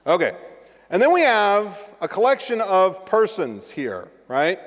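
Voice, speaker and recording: Middle-aged man, conference speaker, lively and joking live-coding delivery, high voice with long hall reverb. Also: measured pace. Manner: animated and joking, with asides to the audience. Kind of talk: live-coding tech talk.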